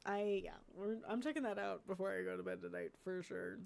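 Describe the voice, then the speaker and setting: A woman's voice: mid-range voice, wildly swooping pitch, a little fast, creaky, darkish tone. A congested woman streamer chatting casually and thinking aloud while editing videos, easily distracted.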